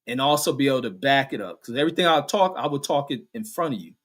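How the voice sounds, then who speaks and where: A man's voice: mid-range voice, animated, fast talker, a bit bright. A middle-aged man hosting a live stream, reading viewer comments aloud and answering them in an angry, profane rant. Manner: angry, combative, reads viewer comments aloud then fires back; heavy cursing, slangy street talk. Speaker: show host reading chat comments.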